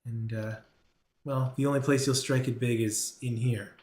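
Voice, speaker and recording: A man voicing a seductive, scheming woman who runs a brothel, speaking in a smooth, suggestive, businesslike way, recorded in a roomy echo. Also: medium pitch, fairly even intonation, normal speed, darkish tone, close to an everyday voice.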